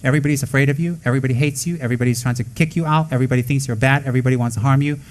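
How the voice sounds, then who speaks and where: A man teaching Buddhism in a blunt, scolding way. He mixes sharp rebukes with joking asides and briefly acts out what others would say. His pitch sits in the ordinary middle for a man. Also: racing, poor audio. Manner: acts out quoted voices. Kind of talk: dharma talk to students.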